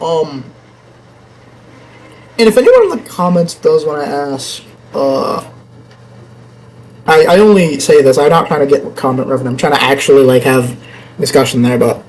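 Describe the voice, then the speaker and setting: A young man with a high voice talks casually over his game, rambling from thought to thought and breaking into laughter. A faint hum of noise sits under his mic. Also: expressive, moderate pace, rough recording. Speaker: gameplay YouTuber. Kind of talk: casual gameplay commentary.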